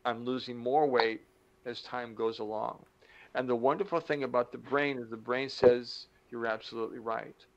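Middle-aged male motivational speaker, gravelly, animated delivery with acted-out asides; slightly muffled recording. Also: mid-range voice. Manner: animated, acts out little dialogues with the brain; slows down to stress key points. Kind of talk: motivational talk to camera.

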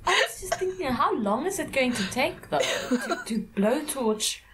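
Woman co-host from South Africa, animated, fairly high voice, quick jokey reactions, audible hiss. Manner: quick reactive quips, laughs a lot, swears. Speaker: podcast co-host. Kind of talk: casual chat, reacting. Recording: noticeable background hiss.

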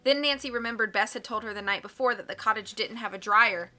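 A woman reading a mystery novel aloud with clear, steady storytelling. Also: fairly high pitch, quick pace, soft background music. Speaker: audiobook reader.

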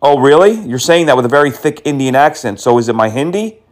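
A man's voice: medium pitch, lively intonation, fast talker. A man prank-calling phone scammers, teasing and mocking them and dropping in Hindi words and insults. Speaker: scam-baiting prank caller.

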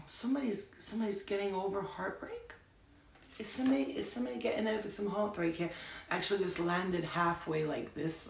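Creaky-voiced woman doing chatty tarot readings. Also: lowish voice. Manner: rambling, profane, chatty. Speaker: tarot reader. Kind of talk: casual tarot reading stream. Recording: echoey room with faint noise.

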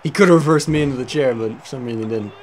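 He has a mid-range voice and races along. This young let's play host, at home with a cat, gives rambling, casual commentary on his game, mocking himself and swearing often.

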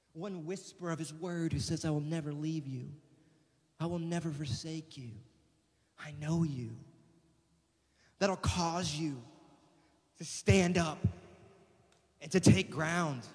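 A man preaching a sermon as pastor, impassioned and building in intensity. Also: high voice. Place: church sanctuary. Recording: long reverb of a church hall.

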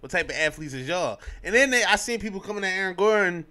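A young man hosting a podcast, giving his sports opinions in a casual, animated way, full of slang and restarts. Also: high voice, quick pace. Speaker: podcast host.

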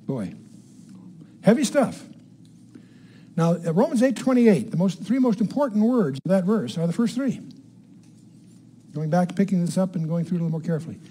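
An older man leads a Bible teaching in front of a live audience. His voice sits a little high but has a mellow, relaxed tone. He stresses words by repeating them and keeps checking in with questions to the room. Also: fast talker, a little hiss or hum.

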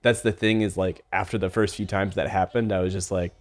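A man's voice: deep voice, little pitch movement, a little fast, faint music behind. A man chatting casually as a podcast co-host, talking animatedly and laughing often. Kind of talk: casual chat.

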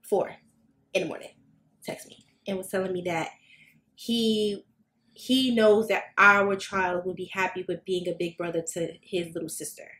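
Casual podcast co-host, woman, lively storyteller who jumps high when quoting people. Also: moderate pace, a little hiss or hum. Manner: animated, swearing, acts out quotes with big jumps in pitch.

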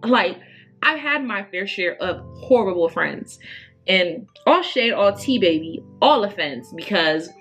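Young woman vlogger, early 20s, casual emphatic chat, mid pitch, soft guitar music behind. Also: lively intonation, measured pace, slightly rough. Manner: chatty, emphatic, lots of fillers. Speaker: beauty vlogger.

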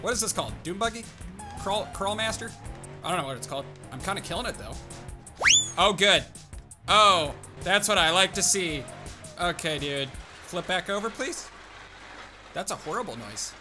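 A young man giving jokey gameplay commentary as a YouTuber, talking to himself and his car with sudden excited outbursts. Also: sits high, normal speed, music in the background. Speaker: gaming YouTuber.

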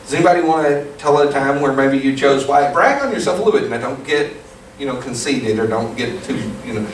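A man preaching a sermon as pastor, telling a story in a relaxed, conversational way and putting questions to his congregation. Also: medium pitch, fast, slight background noise. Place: church sanctuary. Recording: echoey hall, distant mic, room ambience.

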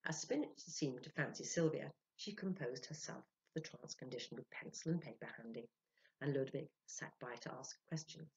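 A woman storyteller giving an expressive reading of a ghost story, dropping to a hush at tense moments. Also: extremely low pitch, moderate pace, creaky, slightly rough, lo-fi sound.

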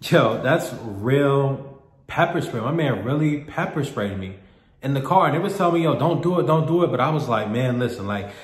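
A man tells a personal story straight to the camera in a candid, loose, profane way, circling back and repeating words as he goes. His voice sits at an ordinary mid pitch. The room around him gives a noticeable echo. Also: animated, normal speed. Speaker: vlogger telling a personal story. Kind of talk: casual storytelling monologue.

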